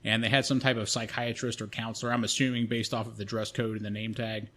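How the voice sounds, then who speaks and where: A man's voice: fairly low pitch, flat delivery, fast, a bit bright, slight background noise. A man co-hosting a podcast, telling a long personal story in casual, profane, rambling speech with frequent restarts. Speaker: podcast co-host.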